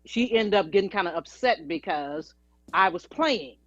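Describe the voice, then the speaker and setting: A singer and actress, appearing as an interview guest, tells chatty, anecdotal stories in a lowish, animated voice at a moderate pace. The recording is dry, dull and lo-fi.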